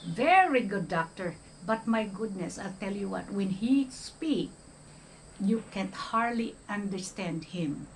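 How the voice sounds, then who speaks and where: In an animated but unhurried way, a medium-pitched older woman from the Philippines talks through a casual vlog, her Filipino accent clear and "okay?" coming up often. She's a retired nurse vlogger, heard on a low-quality recording with slight background noise.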